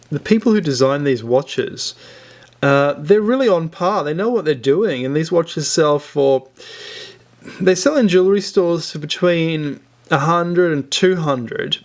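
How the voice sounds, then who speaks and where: A man hosting a casual watch review vlog, rambling along with many fillers and restarts. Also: fairly high pitch. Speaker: watch reviewer, channel host.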